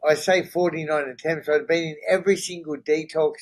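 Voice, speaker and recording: A middle-aged man speaks as a podcast guest, his voice sitting a bit higher than most men's. He tells his story in a candid, earnest way, and he often pauses to check in with the listener. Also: fairly even intonation, poor audio. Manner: earnest, checks in with "right?" and "you know?".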